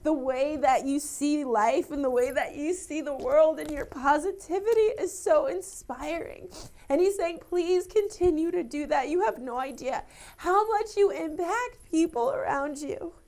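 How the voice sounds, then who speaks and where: High-voiced emotional psychic woman. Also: unhurried, a little mellow. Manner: emotional, laughing, relaying messages in a rush. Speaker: psychic medium host. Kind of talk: live TV psychic reading.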